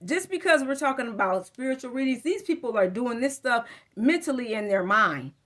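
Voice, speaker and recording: High-pitched woman, tarot reader, blunt and profane, casual phone-recorded reading. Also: expressive, moderate pace, fairly bright tone.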